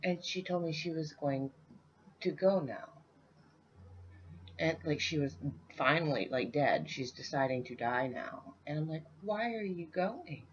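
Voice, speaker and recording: A woman giving a raw, halting account of a dream she just had, rambling and full of fillers. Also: sits low, a little hiss or hum. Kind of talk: raw spoken dream recount. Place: at home, in the middle of the night. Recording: dull lo-fi home recording.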